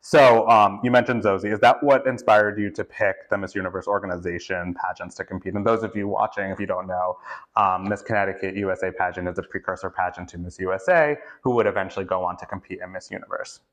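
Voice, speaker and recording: Male interviewer, lowish pitch, casual, encouraging. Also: fairly even intonation, quick pace. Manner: affirming, frequent mm-hmms and yeahs. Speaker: interviewer host.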